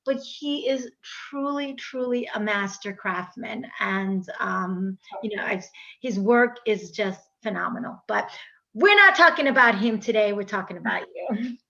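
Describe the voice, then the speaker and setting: A woman's voice: medium pitch, a little slow, vocal fry, sharp tone. A woman with an American accent hosting a casual podcast interview, chatty and gushing, with many fillers and restarts. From United States. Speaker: podcast host. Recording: dull lo-fi recording.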